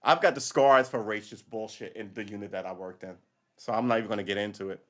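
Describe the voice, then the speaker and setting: A middle-aged retired police officer hosts a casual livestream, talking fast in a fairly low, slightly bright voice. He's blunt and profane, laughs a lot and restarts his sentences often.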